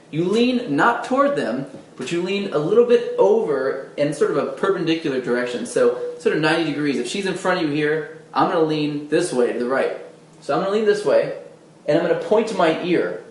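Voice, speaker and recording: A man's voice: on the high side, lively intonation, a little fast, reverberant, low-quality recording. A man giving a casual, demonstrative dating lesson, talking conversationally with fillers and restarts. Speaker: dating coach. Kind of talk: casual instructional talk to camera.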